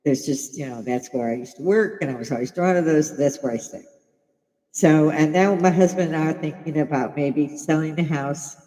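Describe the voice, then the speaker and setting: Speaking at normal speed in a deep, dark voice, an older woman from Chicago runs a casual livestream. The low-quality recording has a big-room sound. She gives her opinions bluntly, curses freely, and laughs a lot.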